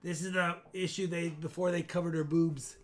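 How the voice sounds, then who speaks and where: A man hosting a live coin auction stream, chatty and excitable, joking as he shows coins. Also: fairly high pitch, moderate pace, soft background music. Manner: chatty, excitable, jokes while showing coins. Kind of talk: casual live auction chat.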